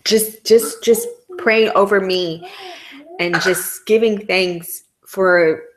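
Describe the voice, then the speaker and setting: A woman's voice: mid-range voice, fairly even intonation, slow, a little hiss or hum. A woman vlogger telling a personal story in casual, candid, emotional slang.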